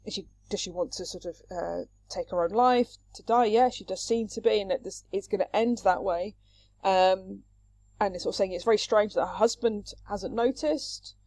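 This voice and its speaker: Mellow-voiced woman casually retelling a play. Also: medium pitch, moderate pace, no room sound. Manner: chatty paraphrasing with fillers and restarts; reads quoted lines aloud with livelier emphasis. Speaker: presenter explaining a Greek play.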